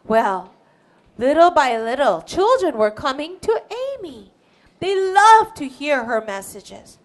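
A woman telling a Bible story to children, animated and often asking them questions. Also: high voice, takes it slowly.

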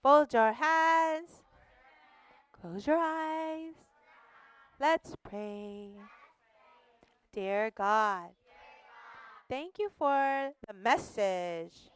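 A woman teaching children at church and leading them in a gentle, slow prayer. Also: high-pitched, animated.

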